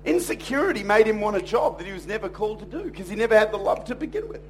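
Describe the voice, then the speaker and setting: Man, pastor, live sermon, jokey storytelling, high pitch, faint hum. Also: racing. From Australia. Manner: animated storytelling preacher, jokey, acts out voices. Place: church.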